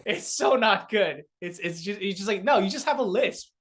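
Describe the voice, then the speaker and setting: Animated young man, light voice. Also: high voice, normal speed. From South Korea. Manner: laughing, animated storyteller with many fillers. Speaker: comedian and beatboxer guest. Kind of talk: casual podcast chat.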